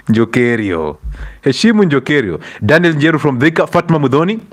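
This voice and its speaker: A man's voice: fairly high pitch, very animated, unhurried. A young Kenyan man hosting a casual livestream, greeting viewers by name, breaking into Swahili and laughing often between stories. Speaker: livestream host.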